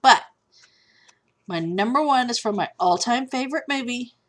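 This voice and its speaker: A woman's voice: fairly high pitch, expressive, moderate pace, fairly bright tone. A woman, chatting casually at home in a video blog, candid and easily sidetracked. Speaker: vlogger. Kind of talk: casual chat. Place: at home with a cat.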